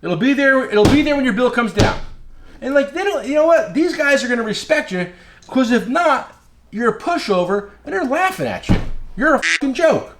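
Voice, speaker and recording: A man's voice: extremely high pitch, big pitch swings, moderate pace, noisy background. A man who is an independent tool dealer, giving blunt casual advice, repeating his key phrases.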